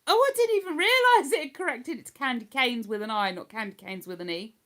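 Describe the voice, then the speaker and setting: Chatting casually on a livestream, an older Hertfordshire woman responds to viewer comments in an English accent somewhere between posh and London. She talks fast, with a high-sitting, somewhat bright voice and lively intonation.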